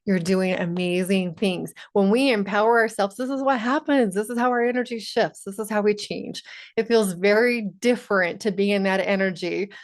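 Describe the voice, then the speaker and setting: A woman's voice: mid-range voice, moderate pace. Encouraging woman coaching her viewers. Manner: earnest, encouraging, direct address to viewers. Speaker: empowerment coach. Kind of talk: motivational video monologue.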